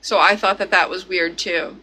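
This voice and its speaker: A woman on a live stream reading, earnestly explaining details with some halting. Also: on the low side, fairly even intonation, pushed and bright, a little hiss or hum, rough recording. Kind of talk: casual live-stream talk.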